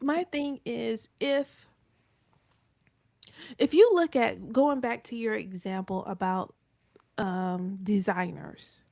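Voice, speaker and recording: A woman's voice: mid-range voice, slow, creaky, pauses often, darkish tone, dry recording. Emphatic Southern woman from North Carolina. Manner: emphatic, acts out quoted speech in shifting voices. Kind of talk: casual chat on a live broadcast.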